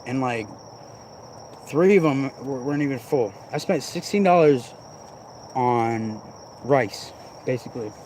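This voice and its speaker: A man talks straight into his own vlog, rambling and swearing freely with a grumbling, irritated edge. His voice sits at an ordinary middle pitch. Crickets and insects chirp faintly behind him outdoors. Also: measured pace, pauses often, darkish tone, a little hiss or hum. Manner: profane, rambling, irritated ranting. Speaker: vlogger.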